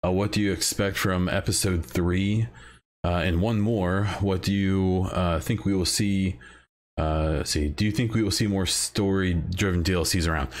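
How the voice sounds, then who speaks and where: Male podcast host, very low voice, loose rambling delivery full of "uh"s. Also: fairly even intonation, normal speed. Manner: rambling, many "uh" fillers and restarts. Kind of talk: casual solo podcast talk.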